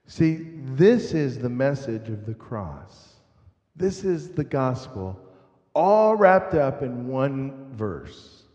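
A man's voice: mid-range voice, sing-song, slow, darkish tone. A man preaching a sermon, reading scripture aloud with emphasis and leading the congregation to repeat a verse. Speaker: pastor. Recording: echoey hall, muffled, lo-fi.

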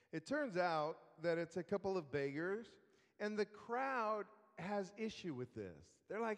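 A man's voice: high-pitched, expressive, moderate pace. A man preaching a sermon, telling a story in a conversational way. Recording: long reverb of a hall.

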